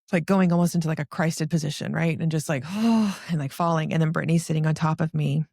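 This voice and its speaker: A woman's voice: deep voice, fast, vocal fry, darkish tone, husky, no echo, clean studio sound. A woman, a podcast guest, telling a personal story emotionally, with many "like" fillers and a racing, breathless manner.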